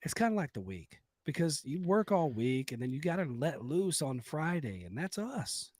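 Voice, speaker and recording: A man's voice: a little high, sing-song, normal speed, darkish tone, no room sound. A man co-hosting a comedy podcast, rambling with crude jokes and lots of fillers. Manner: vulgar, joking, rambling with fillers. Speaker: podcast co-host.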